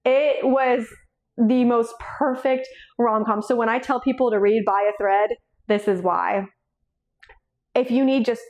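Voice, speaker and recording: A woman's voice: fairly high pitch, normal speed, darkish tone. A young woman chatting casually about her books, rambling, swearing freely and laughing often, tearful and shaky. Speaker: book vlogger. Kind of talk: casual chat.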